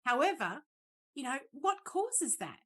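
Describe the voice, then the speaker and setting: A woman's voice: high-pitched, very animated, measured pace, pushed and bright. A woman from the Northern Territory, chatting casually as co-host and laughing often. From Australia, Northern Territory. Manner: bubbly, laughs often, says mate. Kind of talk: casual chat.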